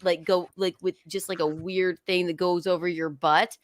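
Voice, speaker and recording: A woman guest on a comedy podcast, telling stories with animated put-on voices, laughing often and swearing. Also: fairly low pitch, normal speed, no room sound. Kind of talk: casual comedic chat.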